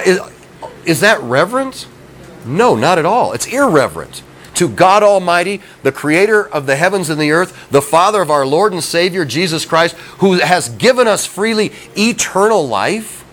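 A man's voice: high voice, big pitch swings, normal speed, fairly bright tone, rough recording. A middle-aged man preaching a sermon in a folksy, conversational way, often asking his listeners questions. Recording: faint background noise.

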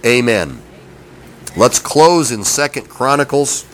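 A man's voice: mid-range voice, sing-song, slow pace, poor audio. A middle-aged man preaching a sermon in a folksy, conversational way, often asking his listeners questions. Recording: faint background noise.

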